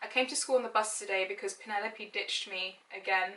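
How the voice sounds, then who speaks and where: Her voice is mid-range and bright, with forceful delivery, a fairly quick pace and fairly even intonation. She is a woman in her late twenties, a lifestyle blogger, giggling at times as she reads her childhood diary aloud in a chatty, self-mocking way. The recording is far from the mic in an echoey room.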